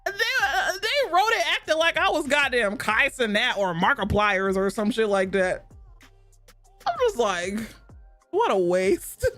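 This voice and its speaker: A woman's voice: high voice, expressive, takes it slowly, sharp tone, soft background music. A young woman streaming a game, chatting casually in a blunt, profane way and laughing often.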